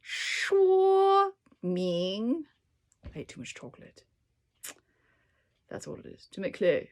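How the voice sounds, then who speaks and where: A woman's voice: mid-range voice, wildly swooping pitch, moderate pace, warm tone. A woman casually reading dictionary entries aloud to herself, trying out Chinese words with small asides and occasional whispers. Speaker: language learner reading a dictionary.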